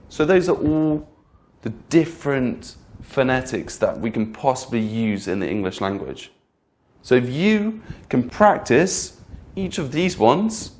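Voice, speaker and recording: A man teaching English pronunciation in a clear, patient lesson, repeating example words and checking in with the learner. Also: medium pitch. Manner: patient, repeats each example word twice; addresses the learner directly with frequent "okay?". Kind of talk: slow, clear instructional lesson.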